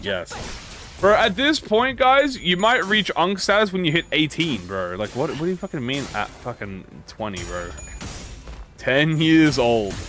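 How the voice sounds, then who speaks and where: A man giving casual gameplay commentary, excitable and joking, swearing freely. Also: a little high. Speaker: gaming YouTuber.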